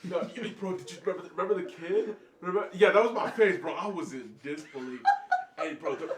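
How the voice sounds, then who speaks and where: A young man, a guest on a casual podcast, telling a story in an excitable, animated way. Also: high-pitched, fast, distant mic. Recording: echoey room.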